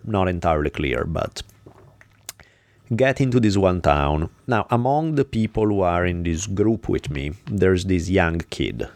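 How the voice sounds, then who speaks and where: A man's voice: sits low, darkish tone, no echo. A man hosting a podcast, telling a story in a blunt, casual, profane way. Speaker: podcast host. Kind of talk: casual chat.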